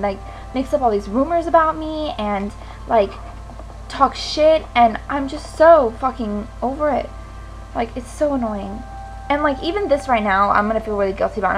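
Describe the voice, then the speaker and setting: Teenage girl, frustrated rant to camera, swears a lot, slightly high voice. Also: slight background noise, rough recording. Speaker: vlogger. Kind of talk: ranting to camera.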